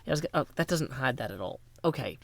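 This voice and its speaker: Tennessee guy streaming a game, rambly and jokey, middle pitch, dry close sound. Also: lively intonation, fast, creaky, fairly bright tone, no room sound. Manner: rambling, joking, thanks donors aloud. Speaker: gaming livestreamer. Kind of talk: casual livestream chat while playing.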